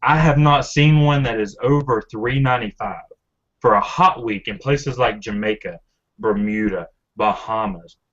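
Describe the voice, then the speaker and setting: A man giving an upbeat, pushy sales pitch on a webinar, over dull lo-fi audio. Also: moderate pace, fairly bright tone. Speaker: presenter.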